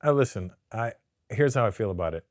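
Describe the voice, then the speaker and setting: Low-voiced man telling stories, swearing freely. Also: fairly quick, no echo, studio quality. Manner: profane, stammering restarts, animated storytelling with put-on accents. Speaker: comedian guest. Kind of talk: casual interview chat.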